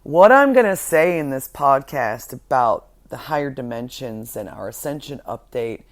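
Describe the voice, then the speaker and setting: A woman's voice: rumbling low, unhurried. A woman hosting a spiritual podcast monologue, talking fervently and self-assuredly, swearing heavily and repeating words for emphasis. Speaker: podcast host.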